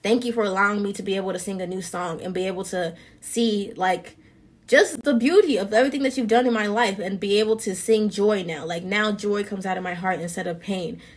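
A young woman giving casual, earnest faith encouragement in a vlog, with slang and a lively way of talking. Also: mid-range voice, brisk.

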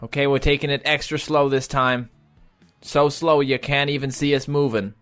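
A man's voice: mid-range voice, moderate pace, fairly bright tone, soft background music, lightly acted. Man putting on a patronizing mock instructor. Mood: mock teacherly. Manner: put-on vague accent, teacherly sing-song.

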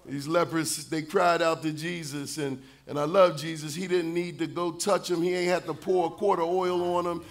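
Man preaching, high voice, shouty singsong sermon, lots of call and response. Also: level tone, normal speed, few pauses. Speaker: pastor.

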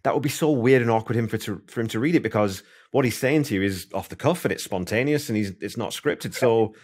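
A man's voice: mid-range voice, quick pace, a little mellow, breathy edge. A man hosting a podcast interview, chatting casually and thinking aloud with plenty of asides. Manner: rambling, thinks aloud, many "you know" asides. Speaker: podcast host.

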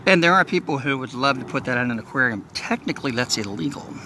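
Folksy Southern man, bright voice, outdoors. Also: mid-range voice, animated, fast talker, slight background noise. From Southeast Texas. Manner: folksy and rambling, talking to viewers. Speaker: nature vlogger. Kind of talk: casual outdoor vlog narration. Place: outdoors in marsh near a bridge.

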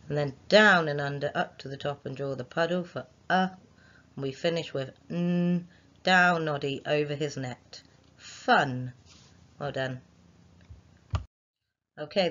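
A woman's voice: low voice, a little slow, a bit bright, dull audio. A woman, a primary school teacher giving a recorded phonics lesson to young children, sounding out letters and chanting rhymes for writing them.

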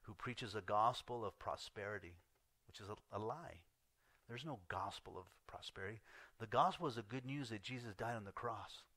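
Earnest bright-voiced male pastor. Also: lowish voice, normal speed, no echo. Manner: earnest, swings between loud emphasis and hushed asides. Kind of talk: sermon.

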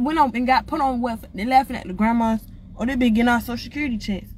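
Woman, blunt, animated, profane rant, higher voice. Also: quick pace, a little hiss or hum. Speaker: vlogger. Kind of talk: casual rant to camera.

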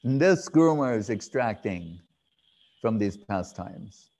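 Slow-speaking man giving a devotional talk. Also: fairly low pitch, animated, darkish tone. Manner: slow, reflective storytelling with pauses and fillers. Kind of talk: devotional lecture.

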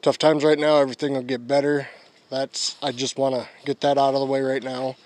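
A man's voice: mid-range voice, little pitch movement, fairly quick, a little mellow. Crude, rambling young man vlogger. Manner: crude, rambling, swears a lot. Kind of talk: casual storytelling to camera.

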